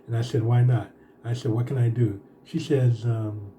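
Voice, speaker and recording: A man vlogger telling a personal story in a casual, rambling way, with many fillers and pauses. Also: mid-range voice, little pitch movement, dark tone, a little hiss or hum.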